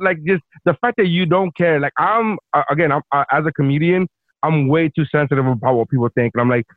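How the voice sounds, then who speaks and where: A male comedian chatting excitably, with high jumps when riled up. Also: fast talker, dry recording. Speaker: comedian guest. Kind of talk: casual podcast chat. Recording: tinny phone-line audio.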